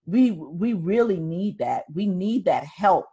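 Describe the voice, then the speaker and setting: An older woman hosting a podcast, chatting casually and telling stories with soft laughs. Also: lowish voice, expressive, slow pace, breathy edge. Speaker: podcast host. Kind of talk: casual interview chat.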